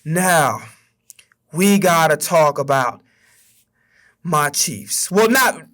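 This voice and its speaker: A man's voice: a little high, expressive, very slow, fairly bright tone. A young man hosting a sports stream, ranting casually and heatedly with plenty of swearing. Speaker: streamer and sports podcast host. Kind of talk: casual sports rant on a livestream.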